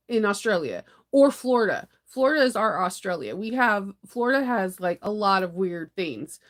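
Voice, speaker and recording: A woman from the US hosting a sewing channel, chatting casually on a morning live stream in a rambling, animated way, laughing often and breaking into dramatic outbursts. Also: fairly high pitch.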